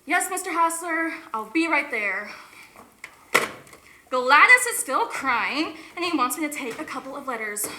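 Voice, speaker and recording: A woman playing a chatty, gossipy office secretary in a stage musical, lively in manner, recorded in an echoey hall with faint noise. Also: high voice, a little slow, heavily acted. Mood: teasing. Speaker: stage actor. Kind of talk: amateur stage musical acting.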